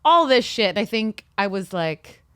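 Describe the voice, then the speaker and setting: Bright, candid young woman chatting. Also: mid-range voice, measured pace, clean tone, dry recording, studio quality. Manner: candid, animated, swears freely. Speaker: podcast guest. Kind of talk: casual chat.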